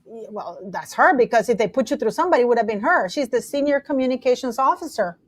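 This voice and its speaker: A woman with a Latin American Spanish accent, hosting a casual chat and telling stories in an animated way, often acting out what other people said. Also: on the high side, quick pace, no room sound. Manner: animated storytelling, quoting people in changed voices. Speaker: host. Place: Canada.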